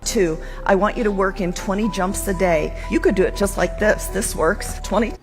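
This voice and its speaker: A woman's voice: mid-range voice, normal speed. A woman giving fitness advice in a direct, instructive way. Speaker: fitness speaker in a played clip. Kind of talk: instructional talk. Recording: clip with music behind.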